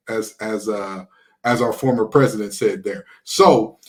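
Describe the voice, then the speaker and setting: Sarcastic animated man hosting sports talk. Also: on the low side, a little slow. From Detroit. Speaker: sports podcast host.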